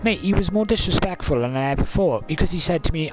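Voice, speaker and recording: A man's voice: on the high side, lively intonation, fast, poor audio. A man, chatting casually on a live stream in a rambling, blunt way, swearing freely and calling listeners "mate". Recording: talk over clear background music.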